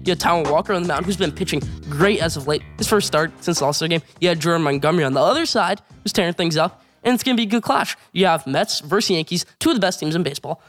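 A man hosts a casual sports show and talks quickly in a slightly high voice. He rattles through scores and trades with eager, excitable energy. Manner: excited, rapid play-by-play recaps.

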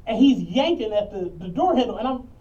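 A man's voice: high-pitched, sing-song, fairly quick, mellow. A man telling stories in a laid-back, profane way as a podcast co-host. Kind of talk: casual storytelling chat. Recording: distant, dull lo-fi mic.

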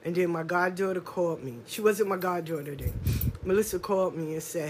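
A woman's voice: on the low side, darkish tone, a little hiss or hum. A middle-aged woman, telling her own life story candidly and emphatically, full of slang and swearing. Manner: street slang, drawn-out stresses. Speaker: podcast speaker. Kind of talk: personal testimony monologue.

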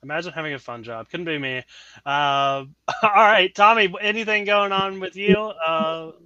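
A man hosting a casual podcast, joking around and laughing between quick asides. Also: sits high, sharp tone, clean tone, dry recording. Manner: laughing, quick asides, self-mocking jokes. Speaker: podcast host. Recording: dull lo-fi audio.

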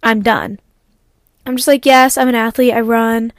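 A young woman with a somewhat high voice tells a story in a dry, close sound. She vents with animated exasperation as a podcast host and acts out her own replies. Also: normal speed, dry recording. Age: young adult. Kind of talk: casual storytelling monologue.

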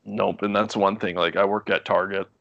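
A man in his twenties, a podcast guest, telling stories in a relaxed, rambling way with frequent laughs. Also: low-pitched, normal speed, vocal fry, dry recording, lo-fi sound. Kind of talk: casual storytelling chat.

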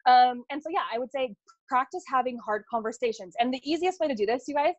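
Woman coach rattling off advice super quick, lots of "like", kinda muffled lo-fi sound. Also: sits high, no echo. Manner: rapid, animated, heavy use of "like" and "literally". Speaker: business coach guest. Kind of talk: casual podcast interview.

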